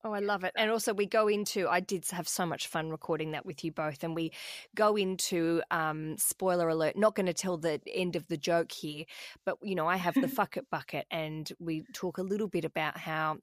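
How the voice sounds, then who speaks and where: A woman's voice: on the low side, normal speed, dry recording, studio quality. A woman hosting a podcast, chatting casually and self-deprecatingly, swearing freely. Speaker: podcast host.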